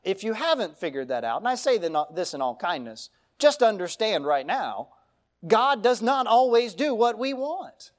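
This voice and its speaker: A middle-aged pastor delivers a sermon in a voice that sits high for a man. He preaches earnestly and emphatically, leaning on rhetorical questions to draw listeners in. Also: sing-song, normal speed.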